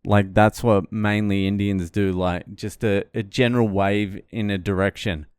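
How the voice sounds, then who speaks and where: Profane, low-voiced man telling a story. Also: a little slow, clean tone, no echo. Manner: swearing, animated storytelling. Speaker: vlogger. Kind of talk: casual storytelling vlog.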